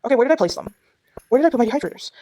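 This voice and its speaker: A woman's voice: on the high side, expressive, rapid-fire, mellow, faint music behind. A young woman from Durban with a South African accent, chatting over a video game at home and rambling with many restarts and fillers. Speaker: gaming vlogger. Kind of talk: casual chat over gameplay. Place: home, with her dog beside her.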